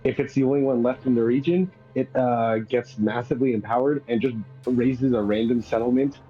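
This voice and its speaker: Mellow-voiced man, rambly and laughing. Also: mid-range voice, steady tone, brisk, dull audio, soft background music. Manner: rambling, laughs at his own points. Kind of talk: casual chat.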